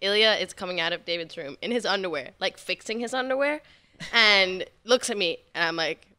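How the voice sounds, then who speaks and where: A woman's voice: medium pitch, animated, brisk, pushed and bright, clear, resonant tone, no room sound. A woman telling a story in casual podcast chat, full of "like" and breaking into laughter. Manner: giggly, filler-heavy storytelling.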